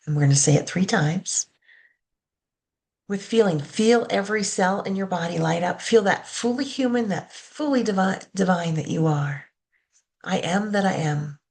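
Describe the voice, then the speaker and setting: A woman reverend giving a sermon, calmly leading the congregation through affirmations and a guided meditation. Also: on the low side, creaky. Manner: slow, calm, leads call-and-response affirmations.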